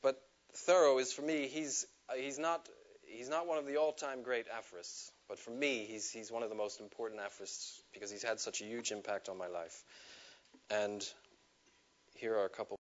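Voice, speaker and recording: A man telling a personal story to a live audience, animated, laughing at himself and acting out the quotes. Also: mid-range voice, normal speed, highs cut off. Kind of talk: storytelling talk. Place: stage before a live audience.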